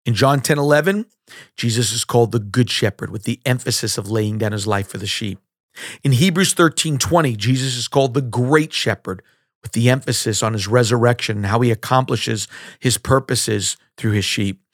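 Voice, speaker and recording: Male pastor, mid-pitched voice, measured emphatic sermon delivery, dry close sound. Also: dry recording. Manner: measured, emphatic preaching with rhetorical questions.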